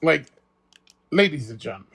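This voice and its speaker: A man hosting a casual solo wrestling podcast. He talks excitably, laughs often while retelling rivals' insults, and speaks straight to his audience. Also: on the high side, moderate pace, creaky, slightly rough. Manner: emphatic, addresses the audience directly.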